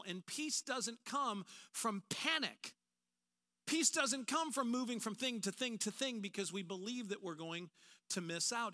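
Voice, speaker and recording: A man preaching a sermon as a pastor in a large church auditorium, animated and acting out quoted voices. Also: sits high.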